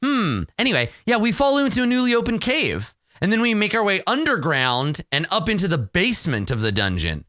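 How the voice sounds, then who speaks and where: Excitable, bright-voiced man playing solo. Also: high-pitched, fairly quick, hardly any pauses, dry recording, clean studio sound. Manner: rambling, swears freely, excitable reactions to dice. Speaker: solo tabletop game player. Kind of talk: thinking aloud while playing a solo roleplaying game.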